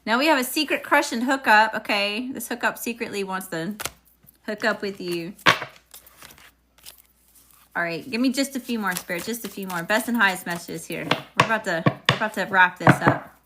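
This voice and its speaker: A woman with a medium-pitched voice and an unnamed regional accent does a live tarot reading at normal speed, chatting with viewers and calling out upbeat greetings. The recording is very noisy.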